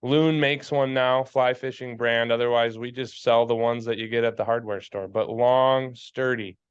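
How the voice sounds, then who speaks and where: A blunt, fired-up man talks gear on a podcast, swearing freely as he preaches. His voice is smooth and resonant, sitting at an ordinary male pitch. The audio is dull and a bit lo-fi. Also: fairly even intonation, normal speed. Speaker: podcast co-host, fly fishing guide. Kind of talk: casual chat.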